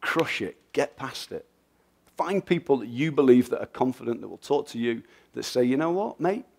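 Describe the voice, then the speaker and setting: A man's voice: mid-range voice, normal speed, vocal fry, breathy edge. English guy, middle-aged, chatty fired-up speaker cracking jokes, plain mid voice. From England. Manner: lively, joking, blunt and motivational, often laughing. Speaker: guest speaker. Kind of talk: festival talk and audience Q&A.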